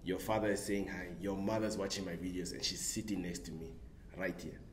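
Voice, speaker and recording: A man with a lowish voice jokes and rambles through a casual group chat, laughing easily as he talks. The room sounds echoey, and there is a faint hiss of noise behind him. He is from Namibia. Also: brisk. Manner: joking, rambling, lively laughter. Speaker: podcast panelist.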